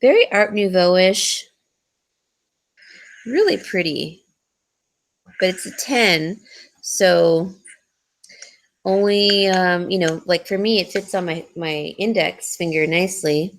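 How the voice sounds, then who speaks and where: A woman's voice: on the low side, takes it slowly, long pauses. Giggly lady chatting thru a jewelry sale stream, takes her time, lots of ums. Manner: chatty and giggly, rambling with fillers. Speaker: jewelry seller hosting a live sale. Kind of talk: casual live-stream sales chat.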